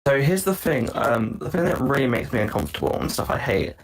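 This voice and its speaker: A man's voice: mid-range voice, very animated, a little fast. A man co-hosting a podcast in casual chat, firing off dry, crude one-liners. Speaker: podcast co-host.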